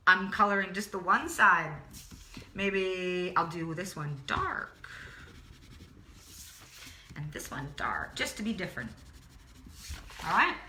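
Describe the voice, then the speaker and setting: A woman's voice: lowish voice, pushed and bright, echoey room. A woman teaching a drawing lesson, chatty and encouraging, repeating words to herself as she draws. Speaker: art teacher. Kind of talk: drawing tutorial, talking while working.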